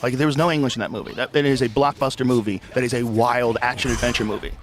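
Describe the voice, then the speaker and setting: Fast, emphatic man in casual chat. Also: medium pitch, faint music behind. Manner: animated, emphatic, repeats himself.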